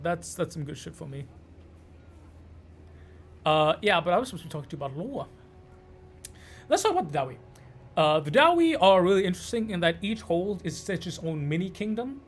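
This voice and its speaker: A man from Canada giving loose, sweary, rambling commentary while streaming a game. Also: a little high. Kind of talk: casual gameplay commentary.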